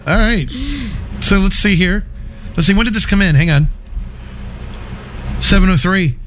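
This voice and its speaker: A man's voice: sits high, moderate pace, fairly bright tone, slight background noise. A man hosting a casual livestream chat, reading viewer comments aloud and swearing freely in a laid-back way. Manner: profane, laid-back, laughs often.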